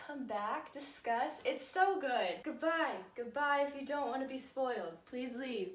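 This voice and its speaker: A woman with a high, bright-pitched voice gushes through a casual chat about a book, peppering her sentences with fillers. She sits a bit back from the mic in an echoey room at home. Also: far from the mic. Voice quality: bubbly, gushing, frequent "like". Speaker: book reviewer.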